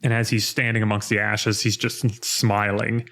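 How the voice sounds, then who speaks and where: A podcast co-host recaps a game he played in casual chat, performing quoted lines and laughing. His fairly low voice is bright and forceful, though his delivery is flat and his pace moderate.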